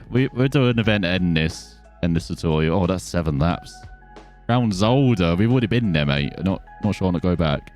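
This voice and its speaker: A man's voice: low voice, animated, moderate pace, faint music behind. A man giving casual, self-mocking commentary while playing a racing game. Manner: chatty, self-mocking, easily distracted. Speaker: gaming video host.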